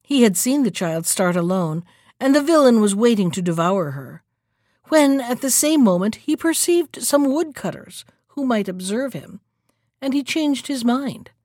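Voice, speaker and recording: A woman narrating a fairy tale aloud in an expressive, dramatic storytelling manner. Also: on the high side, unhurried, no echo, clean studio sound. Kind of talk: storybook reading.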